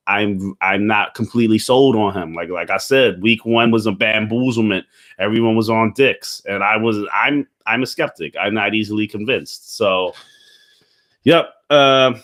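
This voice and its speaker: A young man talks through a football week in a loose, rambling way, thick with slang, swearing and fillers. His voice sits fairly low, and he burps now and then. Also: fairly bright tone. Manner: burping. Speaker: football commentator. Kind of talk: casual sports recap.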